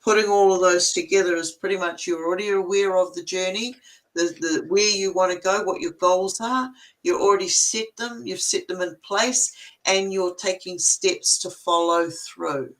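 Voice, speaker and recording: A woman's voice: on the low side, normal speed, poor audio. An older woman giving a casual spiritual card reading, chatty and explaining step by step with everyday examples.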